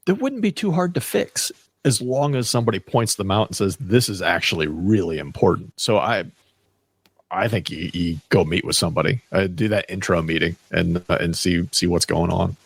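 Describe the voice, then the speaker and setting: A man co-hosting a podcast in casual chat, explaining in a measured way. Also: low voice, creaky, slightly rough. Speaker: podcast co-host.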